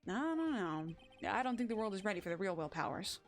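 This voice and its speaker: A wry young male defense lawyer, read by a woman for a game read-through, deadpan and a bit weary. The delivery stays close to an everyday mid-pitched voice, flat-toned and resigned, with soft music behind. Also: fairly quick, lightly acted. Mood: dry.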